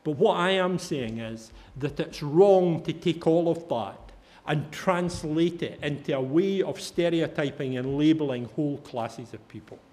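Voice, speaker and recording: A man's voice: on the high side, unhurried, a little mellow. A middle-aged Scottish man giving a conference talk, telling anecdotes in a chatty way and swearing casually. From Fife, Scotland. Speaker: conference speaker. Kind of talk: humorous storytelling talk.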